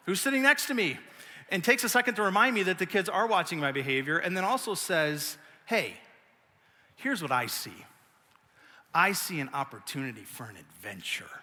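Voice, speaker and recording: A middle-aged man giving a sermon as pastor, telling stories in an animated, self-mocking way. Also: sits high. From United States. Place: large church auditorium. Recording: long reverb of a church hall.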